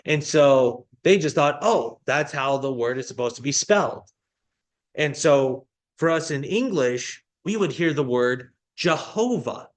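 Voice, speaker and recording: Slow-paced male pastor teaching. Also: a little high, lively intonation. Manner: slow, explanatory teaching with repeated restarts. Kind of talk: sermon.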